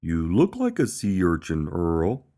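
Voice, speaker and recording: A man's voice: low voice, wildly swooping pitch, unhurried, mellow, heavily acted. A man voicing a literal-minded young male dog who speaks in an earnest, matter-of-fact way.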